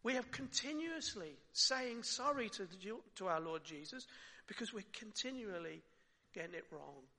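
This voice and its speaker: A man preaching a sermon in a conversational way, asking his listeners questions and dropping his voice softly at times. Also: high voice, expressive, moderate pace. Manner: conversational, with rhetorical questions and soft drops. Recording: long hall reverb.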